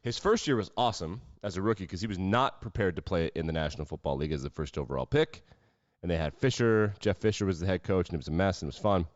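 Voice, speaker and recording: Wry, low-voiced man hosting a sports podcast. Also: expressive, fast talker, no room sound, highs cut off. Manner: sarcastic, wry asides. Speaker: podcast host. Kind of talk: solo sports podcast commentary.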